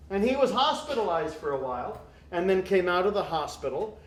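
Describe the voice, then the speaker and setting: Wry priest in an echoey room. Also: male voice, sits high, very animated, brisk. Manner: wry, joking delivery with mock dialogue. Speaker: Jesuit priest giving an evening talk. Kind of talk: humorous talk to a live audience.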